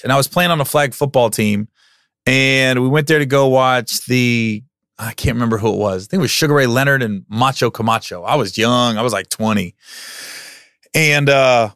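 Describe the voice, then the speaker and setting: A man in his forties hosting a podcast, telling a personal story in a casual, animated way and acting out what people said. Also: medium pitch, no room sound, studio quality. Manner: animated, acts out quotes in loud raised voices. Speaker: podcast host.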